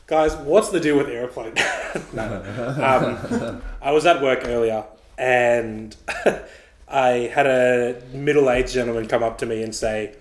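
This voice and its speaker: A man's voice: medium pitch, takes it slowly. A young Australian man co-hosting a laid-back podcast, spinning anecdotes and chuckling as he goes. His voice sits in a middle register. The room around him gives a noticeable echo. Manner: animated storyteller, laughs through anecdotes. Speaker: podcast co-host. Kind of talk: casual podcast banter. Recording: roomy echo.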